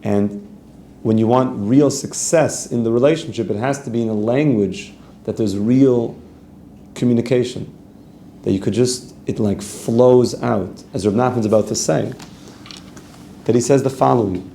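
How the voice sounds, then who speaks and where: A man's voice: mid-range voice, normal speed, gravelly, mellow, echoey room, slight background noise. A man, a rabbi giving an earnest, conversational Torah class, reading Hebrew text aloud and translating it as he goes. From Canada.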